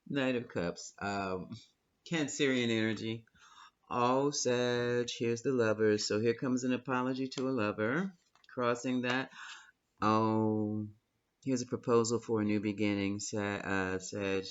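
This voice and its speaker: A man's voice: mid-range voice, expressive, takes it slowly, long pauses, muffled recording. A man giving a tarot reading, effusive and affectionate, calling the listener honey and my love. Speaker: tarot reader.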